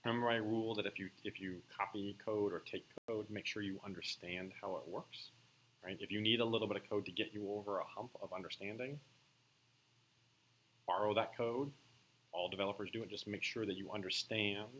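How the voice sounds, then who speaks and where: A man teaching a coding class in a relaxed lecture, often checking with his students that they follow. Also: lowish voice, slight background noise, low-quality recording. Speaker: coding instructor.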